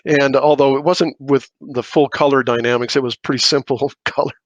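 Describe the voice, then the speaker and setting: A man's voice: medium pitch, fairly even intonation, a little fast, no echo, lo-fi sound. A middle-aged man telling war stories as a podcast guest, rambling through restarts and asides. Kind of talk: casual storytelling.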